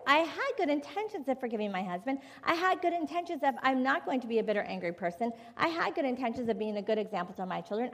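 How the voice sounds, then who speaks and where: A middle-aged woman speaking at a conference, giving a candid, emphatic personal testimony in a sermon style, recorded in a large hall. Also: sits high. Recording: long hall reverb.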